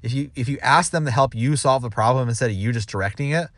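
Male sales manager, casual advice talk, rambling delivery with quoted asides, mid pitch, dry recording. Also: fast, a bit bright, no echo. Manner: rambling with restarts, acts out quoted dialogue.

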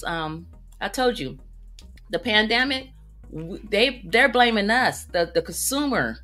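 A woman vents about everyday annoyances in a casual vlog. Her lively, slightly high voice jumps up on each outburst and drops down for the asides. Faint music plays under her talk. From United States. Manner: animated, exclamatory storytelling with big pitch jumps. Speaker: vlogger. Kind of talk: casual rant to camera.

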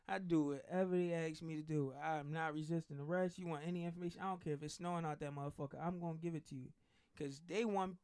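A man's voice: on the high side, a little mellow, clean tone. A man chatting casually with friends, frank and emphatic, laughing easily. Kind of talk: casual chat among friends.

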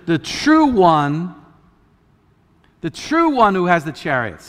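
Pastor preaching with long hall reverb. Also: male voice, high-pitched, very animated, slow, pauses often. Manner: conversational, many restarts, rises to loud emphatic peaks. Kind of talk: sermon.

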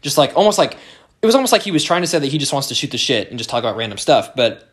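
A man's voice: mid-range voice, sing-song, rapid-fire. A young American man hosting a solo podcast, talking casually in a rambling way with lots of fillers, restarts and swearing. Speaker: podcast host.

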